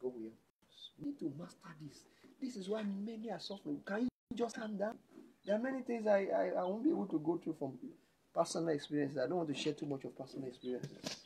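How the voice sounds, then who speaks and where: A man with a Nigerian accent preaching a sermon as pastor, jumping between loud exclamations and hushed lines. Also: high-pitched, animated, quick pace, creaky, slight background noise.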